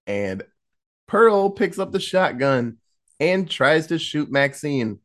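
Male podcast host, chatty and animated, fairly high pitch, swears freely while retelling a horror plot. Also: slow. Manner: animated storytelling, acting out quotes, laughing, profane. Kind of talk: casual chat.

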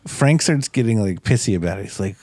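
A man of middle pitch talks a movie over with friends on a podcast. He curses freely and jumps into the characters' lines. The recording is dry. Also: lively intonation, fast talker, warm tone, no room sound. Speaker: podcast co-host. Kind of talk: casual film discussion.

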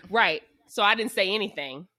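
A woman's voice: medium pitch, lively intonation, moderate pace, pushed and bright, dry recording, clean studio sound. A woman, co-hosting a podcast in frank, profane casual chat. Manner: frank, profane, laughing often. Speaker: podcast co-host.

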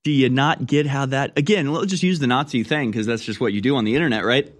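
A man's voice: mid-range voice, fast. A man hosting talk radio, reading news and mocking it with sarcastic commentary that often trails off.

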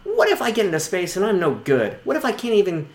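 A man playing an eager teenage boy in an improvised comedy scene, excitable and given to whoops, sometimes shaky with nerves. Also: high-pitched, fast talker. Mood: scared. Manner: excitable, shouts and whoops, then turns shaky and scared. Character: eager teenage boy, fourteen, dreaming of space. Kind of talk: improv comedy role-play. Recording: echoey room.

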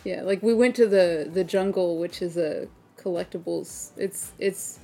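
A chatty woman co-hosts an anime podcast, her talk loose and friendly and full of laughter. She slips into quoted voices as she tells stories. Faint music plays softly under the talk. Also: fairly low pitch, a little slow, vocal fry. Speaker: podcast co-host. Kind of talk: casual chat.

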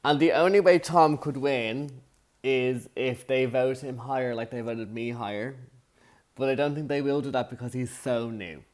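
A man with a mid-range, slightly mellow voice speaks at a moderate pace with fairly even intonation. He's a former contestant co-hosting a podcast, chatting enthusiastically in a casual recap and gossiping about the players, dropping his voice when he mimics people.

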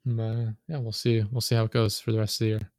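A man's voice: fairly low pitch, flat delivery, fast, darkish tone, no echo, studio quality. A young man chatting casually on his podcast, rambling and filling his talk with "like" and curse words. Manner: rambling, heavy use of "like", swearing. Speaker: podcast host. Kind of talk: casual chat. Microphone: desk microphone.

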